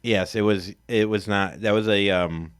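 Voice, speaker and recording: A man's voice: fairly low pitch, fairly even intonation, measured pace, smooth, no room sound, studio quality. A man co-hosting a podcast, rambling through anecdotes with frequent swearing in casual chat. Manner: rambling, swears freely, laughs at his own stories. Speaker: podcast co-host.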